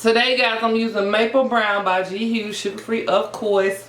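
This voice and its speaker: A woman's voice: mid-range voice, fairly even intonation, normal speed, hardly any pauses, fairly bright tone. A woman hosting a casual eating vlog, playful and sing-song, calling her viewers honey. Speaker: mukbang vlogger. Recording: echoey room, faint background noise.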